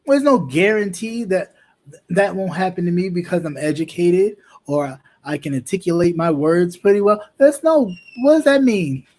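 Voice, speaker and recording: Impassioned high-voiced man. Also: expressive, normal speed, a little mellow. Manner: impassioned, emphatic repetition. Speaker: host. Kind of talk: political commentary talk.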